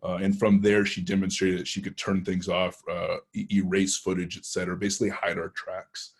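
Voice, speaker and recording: A man's voice: sits low, little pitch movement, a little fast, breathy edge. A man with a Texan accent, a penetration tester telling a story to a club, rambling and hesitant with many restarts. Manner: rambling anecdotal delivery, frequent hesitations and restarts. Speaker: penetration tester guest speaker.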